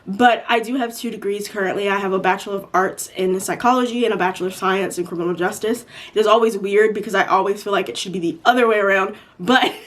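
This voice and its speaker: A woman in her twenties answering viewer questions in a casual, rambling chat full of fillers like "like" and "um". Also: mid-range voice. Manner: chatty, rambling with many "like" and "um".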